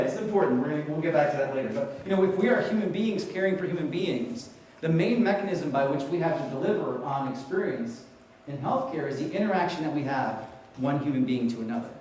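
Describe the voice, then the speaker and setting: This middle-aged man has a fairly high-pitched voice and delivers a keynote on patient experience before a conference audience. He tells stories with animation and performs the quoted voices himself. He's far from the mic, so the low-quality audio is very echoey, with slight background noise.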